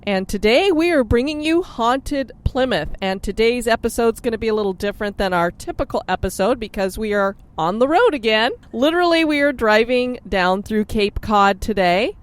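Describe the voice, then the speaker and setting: Upbeat woman host, a bit higher voice, casual chat recorded in a car. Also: animated, normal speed, few pauses. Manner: chatty and upbeat, laughs often. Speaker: podcast host. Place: in a car on a road trip. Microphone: sharing one mic with co-host.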